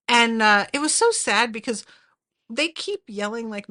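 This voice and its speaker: A woman's voice: on the high side, lively intonation, normal speed, pushed and bright. A woman hosting a podcast, chatting casually and animatedly with lots of fillers and swearing. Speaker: podcast host. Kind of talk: casual recap chat.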